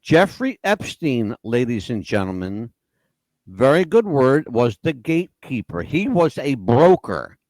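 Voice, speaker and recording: A man's voice: medium pitch, very animated, a little slow, a little mellow, no echo. A man hosting a podcast, talking in an emphatic, profane, opinionated way. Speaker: podcast host. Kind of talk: casual opinionated chat.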